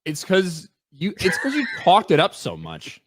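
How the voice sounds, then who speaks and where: A man's voice: sits high, huge pitch swings, a little slow, husky, dry recording, clean studio sound. A man hosting a podcast, talking casually in a brash, profane, mocking way. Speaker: podcast host. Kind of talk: casual chat.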